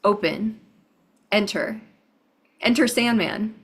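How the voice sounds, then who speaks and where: A woman calls out guesses in a party game one word at a time, drawn out very slowly in a mid-range voice. Her delivery stays flat and listing. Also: medium pitch, husky, low-quality recording. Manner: lists single-word guesses flatly. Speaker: game player.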